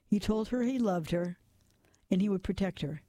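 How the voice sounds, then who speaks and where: A man reading a dark crime story as a measured narrator, sometimes dropping to a whisper at tense moments. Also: sits high, dry recording. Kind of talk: scripted noir narration.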